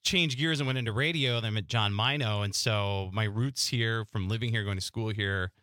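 A man's voice: on the low side, normal speed, bright, forceful tone, no room sound, clean studio sound. A man, a guest on a radio show, chatting in a friendly way about his past in radio. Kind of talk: casual radio interview. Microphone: studio microphone.

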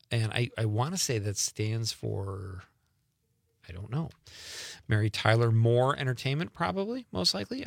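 A man's voice: mid-range voice, a bit bright, no echo. Male radio host, mid-range voice, dry studio sound, loose and chatty. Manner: chatty, rambling, self-deprecating asides. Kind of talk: casual radio chat. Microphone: studio microphone.

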